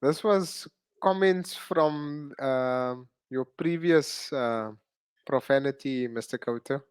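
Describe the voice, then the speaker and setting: A man moderating an online workshop, speaking in a casual, hesitant, halting way and teasing the teacher. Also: mid-range voice, clear, resonant tone, no echo. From South Africa. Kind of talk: casual chat.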